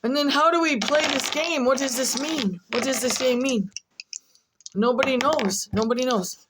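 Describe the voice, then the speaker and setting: A woman's voice: high-pitched, moderate pace, noisy background. A woman vlogger rambling through casual commentary, repeating herself and muttering asides as she goes.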